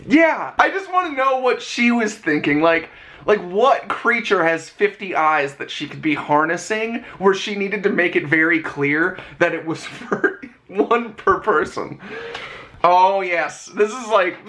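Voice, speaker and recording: A man with a hoarse, worn-out voice, telling stories in a casual vlog and laughing often. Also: high-pitched, lively intonation, measured pace, fairly bright tone. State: hoarse, lost voice. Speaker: vlogger.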